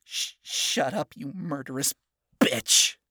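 A man's voice: mid-range voice, takes it slowly, sharp tone, dry recording, clean studio sound, exaggerated voice. A man voicing a grieving young woman whose voice quivers with tears and anger. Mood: anguished. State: tearful, quivering.

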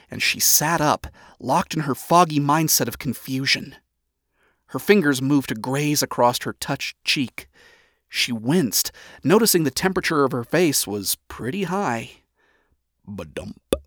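A man giving a steady, even reading as the narrator of a story. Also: mid-range voice, no echo, studio quality.

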